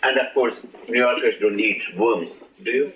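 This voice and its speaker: A man's voice: medium pitch, a little slow, fairly bright tone. A man giving an informal spiritual talk, playful and laughing, asking his audience questions. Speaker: spiritual teacher. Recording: echoey room, old archive recording.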